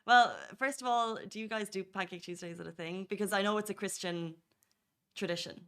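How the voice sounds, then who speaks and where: A woman's voice: mid-range voice, a little fast, a bit bright, smooth. A woman co-hosting a morning show, chatty and teasing as she tells stories. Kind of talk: casual chat.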